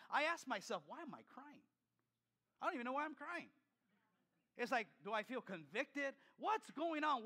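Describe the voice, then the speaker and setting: Older male pastor, emphatic sermon delivery, high pitched and piercingly bright. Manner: emphatic, repetitive preaching with many restarts.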